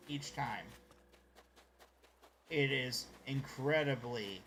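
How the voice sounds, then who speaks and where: A man's voice: mid-range voice, slow, pauses often, bright, forceful tone, slight background noise. A man chatting casually on a live stream while gaming, rambling and greeting viewers by name.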